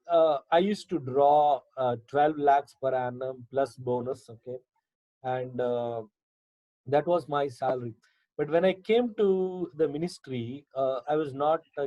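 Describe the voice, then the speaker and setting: A man with a slightly high, dark-toned voice and an Indian English accent gives Bible teaching as a personal testimony over a video call. The pastor talks conversationally, with many fillers and repeats. The audio is dull, lo-fi video call sound with no room sound.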